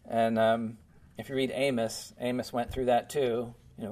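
Man, preacher, relaxed Bible teaching, chatty, lots of fillers, church. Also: medium pitch, normal speed. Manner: casual, many fillers like "you know" and "um". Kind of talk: conversational Bible teaching sermon.

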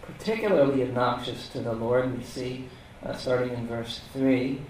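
A man's voice: mid-range voice, fairly even intonation, moderate pace, a little mellow, far from the mic, a little hiss or hum. Man, preacher, casual bible teaching, rhetorical questions, very echoey room, mic set back. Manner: conversational, rhetorical questions, frequent "okay?".

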